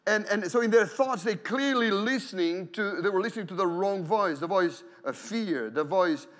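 A man with a high, light voice preaching a sermon. He talks to the congregation in an easy, conversational way, doubling back on words as he goes, and now and then he lifts into loud exclamations of praise. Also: moderate pace. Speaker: pastor.

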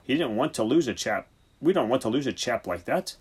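A brusque, preachy senior country vet , put on by a male audiobook reader. His husky voice swings high and loud, full of lively rises and falls as he lectures. Theatrical and commanding. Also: fairly quick. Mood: lecturing. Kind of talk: audiobook character voice.

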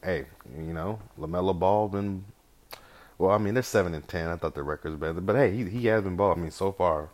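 A man's voice: low voice, a little fast. A man hosting a podcast solo in a casual, rambling way, with loose slang and frequent swearing. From California. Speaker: podcast host.

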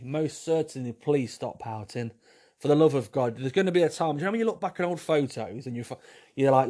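A man's voice: mid-range voice, warm tone. A young man, a vlogger, talking to camera in a cheeky, blunt, jokey monologue and laughing often. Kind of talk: casual opinionated monologue.

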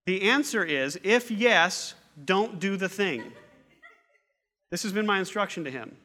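A middle-aged man preaching a sermon, earnest and fond of repeating phrases for emphasis. His voice sits a little high and bright. It rings out with a long reverb of a large hall. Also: lively intonation, unhurried. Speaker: pastor.

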